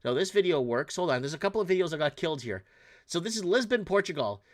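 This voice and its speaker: A man's voice: a little high, sing-song, fast. A man hosting his own podcast, giving casual, exasperated news commentary, rambling with frequent restarts and fillers. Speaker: podcast host.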